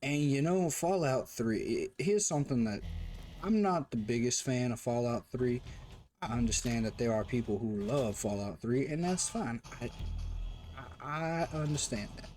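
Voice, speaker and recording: A man's voice: medium pitch, moderate pace, darkish tone, faint music behind. A man reviewing a game and talking casually while he plays, rambling, repeating himself and chatting to the characters on screen. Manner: rambling and self-interrupting, talks to the game. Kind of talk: casual commentary while playing.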